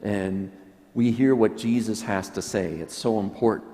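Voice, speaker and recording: A priest giving an earnest, reflective sermon, often dropping to soft, quiet tones. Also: male voice, lowish voice, fairly even intonation, a little slow. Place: church. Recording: long church reverb.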